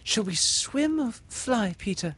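Man doing a worried little storybook girl, high pitched, earnest. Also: sing-song, a little slow, a bit bright, a little hiss or hum, full character voice. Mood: anxious. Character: anxious, trusting young girl.

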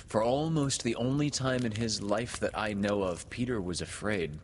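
A man narrating a storybook in an unhurried, expressive manner. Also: on the low side. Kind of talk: audiobook narration. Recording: reverberant room, faint hiss.

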